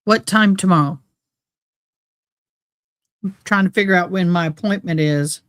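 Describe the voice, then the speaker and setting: A woman's voice: fairly low pitch, measured pace, dry recording, studio quality. A woman chatting casually on a livestream in a folksy, rambling way. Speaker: livestream host.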